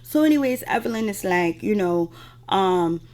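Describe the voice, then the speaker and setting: Woman TV recap host, chatty and opinionated, mid-pitched, loose casual delivery. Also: lively intonation, normal speed, a little mellow. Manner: chatty, opinionated, with frequent filler phrases.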